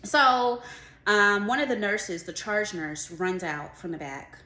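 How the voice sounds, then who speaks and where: A woman in her twenties telling a work story in a casual storytime vlog, animated and full of "like", acting out what others said. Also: lowish voice, normal speed. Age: 20s. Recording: roomy room with faint background noise.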